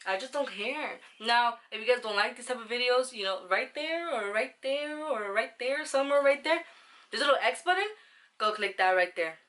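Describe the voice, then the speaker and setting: A young woman tells a personal story to her viewers in a casual vlog. Her voice is bright and forward. She rambles, slips into slang and swears now and then. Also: on the high side, expressive, moderate pace. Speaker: vlogger.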